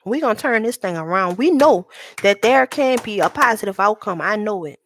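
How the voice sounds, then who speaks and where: A woman giving a live tarot reading to viewers, speaking candidly and reassuringly, reading card meanings slowly and calling people sweetheart. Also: medium pitch, expressive, a little hiss or hum.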